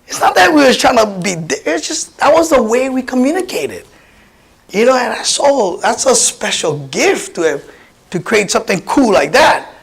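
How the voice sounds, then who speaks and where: A man in his fifties from Hawaii with a Pidgin-tinged accent, a comedian telling personal stories in an animated, chatty keynote speech. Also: very high-pitched, normal speed, vocal fry, slightly rough, low-quality recording. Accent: Hawaiian Pidgin-tinged English. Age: 50s. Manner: animated, chatty, many restarts and laughs.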